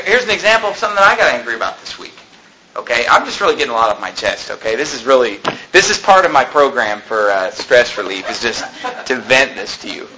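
A man's voice: a little high, bright, forceful tone, a little hiss or hum, low-quality recording. A man preaching a sermon as pastor, venting with rising indignation and mixing scripture with personal stories.

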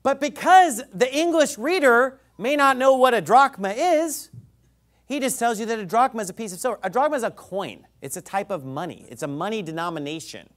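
A male pastor delivering a sermon in a sarcastic, mocking manner. His pitch leaps around with lively swings. He drops to quiet, careful explanation, then bursts into shouting. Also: brisk.

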